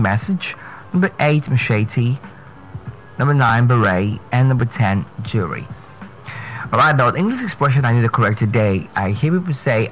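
Radio guy teaching how to say words, spells em out letter by letter, real slow, bit of faint noise behind. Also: medium pitch, highs cut off. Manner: spells words letter by letter, repeats them slowly. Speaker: radio pronunciation coach. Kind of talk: slow pronunciation lesson on radio.

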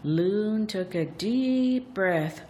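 A woman telling a folk tale aloud, in a deliberate, expressive storytelling manner. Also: fairly low pitch, slight background noise. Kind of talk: storybook narration.

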